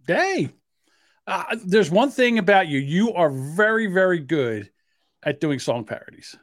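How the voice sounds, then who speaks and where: A man's voice: sits high, sing-song, unhurried, no room sound, clean studio sound. A man co-hosting a casual podcast, teasing his partner and laughing often. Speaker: podcast co-host. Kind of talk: casual chat.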